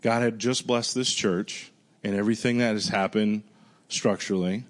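Earnest male pastor telling a story. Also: moderate pace. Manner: conversational and earnest, dropping to a hushed voice for prayers; bursts of excited high-pitched exclamation. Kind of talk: storytelling sermon.

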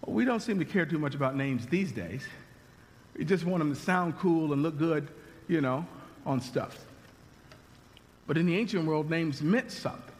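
A male pastor preaching in a high, lively voice. He talks conversationally and often restarts his sentences, and every word trails off into the long reverb of a large hall. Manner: conversational, animated, with frequent restarts. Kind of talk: sermon.

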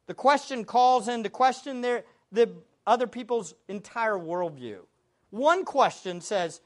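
Guy preaching a sermon, slow and animated, yells out the quotes. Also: very high voice. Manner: expressive preaching, shouting acted quotes, laughing between points.

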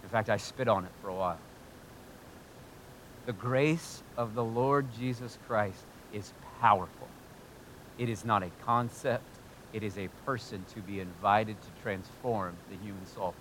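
A man preaching a sermon as pastor, swinging between hushed, intimate talk and loud, fervent exclamations, choked up with emotion at times. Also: lowish voice, unhurried, slight background noise. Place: church in Ohio.

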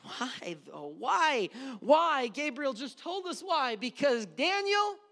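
A male pastor delivers a sermon with big dynamic swings. He climbs into loud, urgent preaching, then drops to a hushed near-whisper. He acts out everyday prayers in quick asides. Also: very high voice, very animated, vocal fry.

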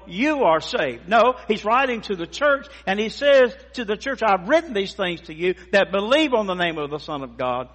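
Male pastor, emphatic sermon delivery, somewhat high voice, long church reverb. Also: a bit bright. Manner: emphatic, stretches key words for emphasis. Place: church sanctuary.

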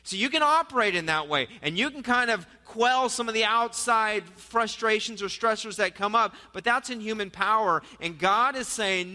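Man, pastor, sermon, high voice, long hall reverb. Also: moderate pace, hardly any pauses, bright, forceful tone. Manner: conversational preaching, rhetorical questions.

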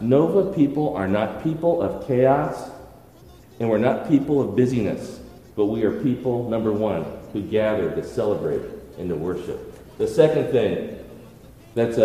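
A man's voice: on the low side, warm tone. A man preaching a sermon as pastor, earnest, stopping to restart phrases and asking the congregation rhetorical questions. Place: church hall. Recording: echoey hall with long reverb.

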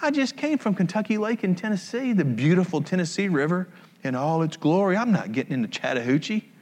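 A man's voice: sits high, sing-song, fairly quick, a little mellow, in a large hall, pitched above the performer's own voice. A man voicing a proud, indignant military commander who whines and complains in exasperation.

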